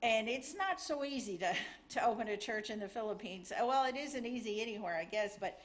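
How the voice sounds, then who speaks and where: A woman's voice: fairly high pitch, lively intonation, brisk. Earnest middle-aged woman testifying in church. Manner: earnest, chatty, a little nervous. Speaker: church member giving a missions update. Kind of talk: testimony and missions report.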